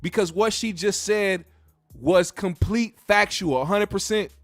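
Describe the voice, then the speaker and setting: Blunt, profane, high-voiced male podcast host. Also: measured pace, no room sound, faint music behind. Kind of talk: casual opinion rant.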